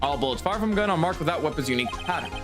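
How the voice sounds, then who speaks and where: A man's voice: a little high, lively intonation, very fast, over music, close to an everyday voice. A man voicing a determined young male defense attorney in a game, with emphatic, explanatory courtroom delivery. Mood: explaining.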